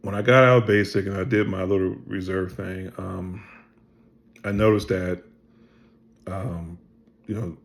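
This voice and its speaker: A middle-aged man telling his own story in a casual, animated way, acting out other people's lines and swearing freely. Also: low voice, creaky, slight background noise. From Pennsylvania.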